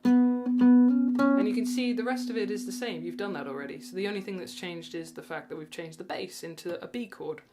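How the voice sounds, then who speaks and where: A woman teaching guitar online, talking warmly and counting the beats aloud while she plays. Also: fairly low pitch, moderate pace. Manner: encouraging, counts aloud, chuckles at herself. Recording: loud guitar under the voice. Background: guitar playing.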